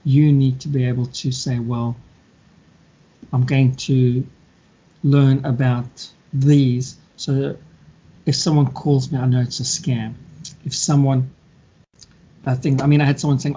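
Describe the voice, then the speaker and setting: A man chatting casually, telling stories and acting out scammers and their victims in quick mock voices. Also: mid-range voice, flat delivery, warm tone, husky. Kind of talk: casual chat. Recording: dull lo-fi sound.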